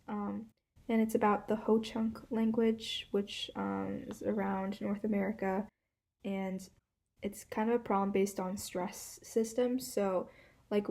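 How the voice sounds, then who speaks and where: Woman host doing a puzzle walkthrough, mellow warm voice, laid-back, lots of "like" and "kind of". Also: mid-range voice, little pitch movement, a little slow. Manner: casual, hedging with frequent "like" and "kind of".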